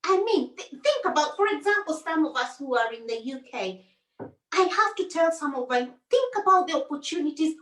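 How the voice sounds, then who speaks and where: High-voiced woman psychiatrist, roomy sound. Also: moderate pace. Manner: calm, encouraging, repeats key phrases for emphasis. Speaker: psychiatrist guest. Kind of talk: advice in talk show conversation.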